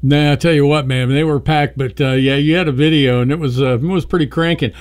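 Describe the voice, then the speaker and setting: A man's voice: on the high side, steady tone, fast talker, few pauses, darkish tone, no room sound. Studio radio host, male, dry close sound, easygoing upbeat chatter. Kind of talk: casual on-air chat.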